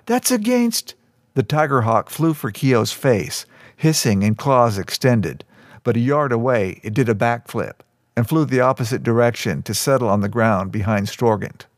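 A male narrator reading a fantasy story aloud, steady and even. His voice sits at a middle pitch. The recording is close and dry, with no room echo. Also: moderate pace. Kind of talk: audiobook narration.

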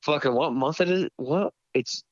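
A man casually telling a story, profane and animated, putting on voices for the people in it, heard over a speakerphone. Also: fairly high pitch, moderate pace. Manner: profane, animated, acts out voices in his stories. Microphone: phone on speakerphone. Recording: dull speakerphone sound.

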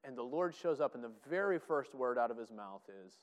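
A man preaching a Bible teaching, excitable, with many filler "uh"s and restarts. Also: medium pitch, fast talker. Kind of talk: sermon-style Bible teaching. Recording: long echoey hall reverb.

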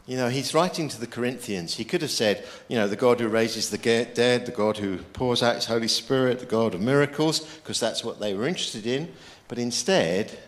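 A man preaching a sermon, lively and emphatic, quoting scripture as he goes. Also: mid-range voice, moderate pace. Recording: long hall reverb.

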